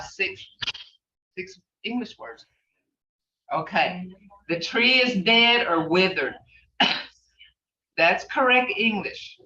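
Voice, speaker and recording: Speaking at a medium pitch in a pushed, bright way, an older woman leads a casual online language class, with slight background noise. She tends to ramble and often asks "okay?" to confirm her students are following. Her audio is lo-fi, dull, distant, and echoey.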